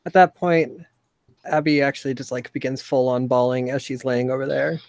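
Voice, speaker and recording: A man's voice: mid-range voice, steady tone, moderate pace, darkish tone, no room sound. A man acting as game master, narrating a tabletop game in a laid-back way.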